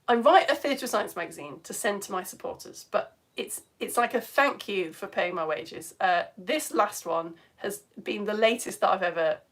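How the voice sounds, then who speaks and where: A woman's voice: mid-range voice, expressive, moderate pace, hardly any pauses. A British woman presenting a live science lesson for children, gushing and exclamatory as she reads out viewers' comments. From United Kingdom. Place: home studio.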